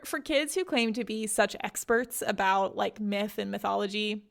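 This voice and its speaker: A woman's voice: a little high, creaky, a bit bright. A woman hosting a podcast, recapping a book in a casual, giggly way with lots of "like". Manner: chatty, giggly, heavy use of "like". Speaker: podcast host.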